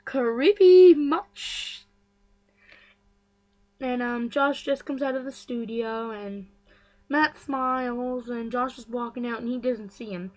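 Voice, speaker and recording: A woman's voice: fairly high pitch, steady tone, a little slow, low-quality recording. A woman vlogger casually recapping a story, chatty and full of fillers and gossipy asides.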